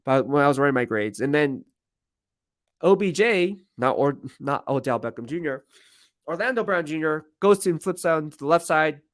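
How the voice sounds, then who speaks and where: A man's voice: on the high side, lively intonation, normal speed, dry recording, clean studio sound. A man, a sports team reporter, hosting a casual live-stream Q&A from a media workroom and rambling in a self-deprecating way.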